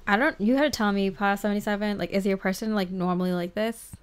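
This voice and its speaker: A woman's voice: mid-range voice, fairly even intonation, fast, clear, resonant tone. A woman giving a casual pick-a-card tarot reading, chatty and giggly, filling her talk with "like". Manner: chatty and giggly, heavy use of "like". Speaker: tarot reader.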